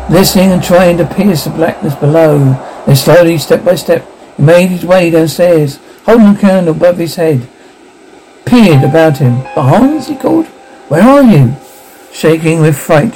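Gravelly man reading a ghost story. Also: on the high side, warm tone, a little hiss or hum, rough recording. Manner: dramatic reading, voices characters lightly. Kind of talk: audiobook narration of a ghost story.

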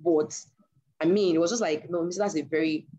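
A woman's voice: low voice, a little fast, dull audio, a little hiss or hum. A woman preaching a sermon, telling a story from her own marriage and acting out the voices in it. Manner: animated storyteller acting out dialogue.

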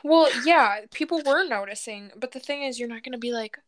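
A woman with a fairly high voice tells a gruesome old tale on a casual podcast. She laughs often and swears freely. She drifts into goofy asides between the facts. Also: animated, fairly quick. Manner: laughing, profane, joking storyteller. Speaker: podcast co-host telling the story. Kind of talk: casual true-crime chat.

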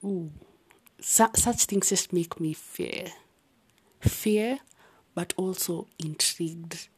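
A young woman with an accent, rambling about her life late at night in a soft, often half-whispered voice with sighs and restarts. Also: fairly low pitch, slow pace, breathy edge. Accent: unnamed non-native-sounding accent. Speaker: vlogger.

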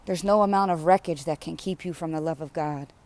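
A woman's voice: deep voice, a little fast, a little mellow. Fervent woman preaching a prayer. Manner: repetitive, rhythmic, fervent preaching. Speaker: spiritual speaker. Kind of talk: impassioned prayer sermon.

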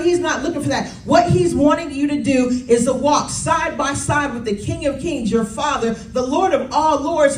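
A woman's voice: sits high, darkish tone. A woman in her thirties preaching a sermon in a conversational way, often calling out to the congregation. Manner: conversational, calls to congregation with "y'all" and "Amen". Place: church. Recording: roomy sound from a distance.

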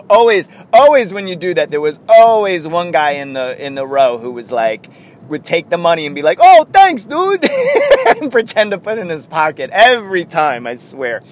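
A man's voice: fairly high pitch, expressive, moderate pace. A man hosting a casual chat, telling stories in a rambling way and laughing often. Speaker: podcast host.

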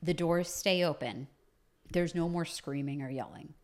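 A woman's voice: deep voice, a little slow, a little mellow. A woman casually telling a personal story, chatty and full of fillers like "you know".

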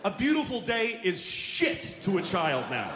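A man's voice: high-pitched, wildly swooping pitch, a little slow, noisy background. A man doing stand-up comedy in a theater, ranting in an exasperated, profane way. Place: theater stage. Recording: echoey theater, audience laughter.

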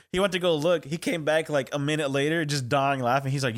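A man's voice: a little high, fast. A man co-hosting a podcast, telling crude stories with lots of swearing and laughter. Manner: profane, storytelling, laughs often. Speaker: podcast co-host. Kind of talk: casual crude chat.

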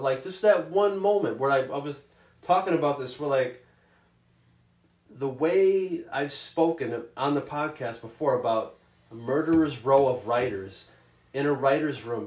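A man's voice: mid-range voice, distant mic. A man co-hosting a podcast, telling stories in a casual, profane way and acting out the scenes. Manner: profane, animated storyteller who acts out scenes. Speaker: podcast co-host. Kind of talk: casual chat. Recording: roomy echo.

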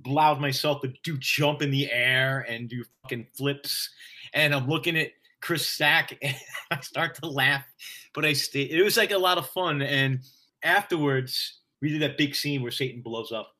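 In a casual chat, a male stage actor spins a story with plenty of profanity and frequent laughter, full of energy. He has a mid-range voice at normal speed.

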